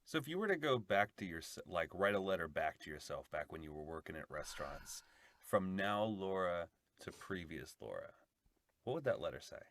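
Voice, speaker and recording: Deep-voiced man hosting an interview. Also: moderate pace. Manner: brief backchannels, relaxed questions. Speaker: podcast host. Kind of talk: casual interview.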